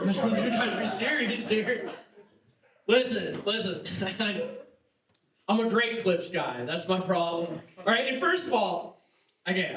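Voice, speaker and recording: A brash young man with a high voice works through a stand-up set, mocking himself and swearing freely. He is picked up from a distance in an echoing theater hall. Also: fairly bright tone. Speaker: stand-up comedian. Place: theater stage before a live audience. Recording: echoey hall, mic heard from afar.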